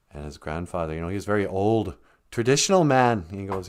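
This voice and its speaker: A man's voice: lowish voice, lively intonation, fairly quick. A man from Minnesota, telling a loose, joking, rambling story on a live stream.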